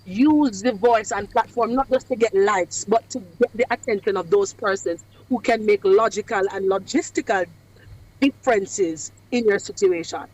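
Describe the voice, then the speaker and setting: A woman gives speaking advice on a radio talk show. Her delivery is measured and emphatic, with a cadence close to preaching and deliberate pauses for effect. Her pitch sits in a middle range. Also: darkish tone, low-quality recording. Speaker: guest speaker on public speaking. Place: away from the studio.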